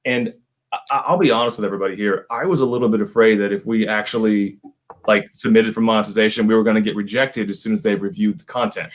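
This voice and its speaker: A man's voice: on the low side, fairly even intonation, fast. A man co-hosting a casual livestream chat, joking, laughing often and thanking viewers by name. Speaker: co-host of a whiskey channel livestream.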